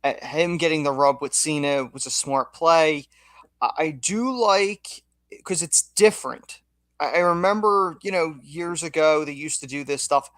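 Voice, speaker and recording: A man's voice: a little high, a little slow, fairly bright tone, no room sound. A man co-hosting a casual wrestling podcast, offering his opinions with stammered restarts. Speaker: podcast co-host.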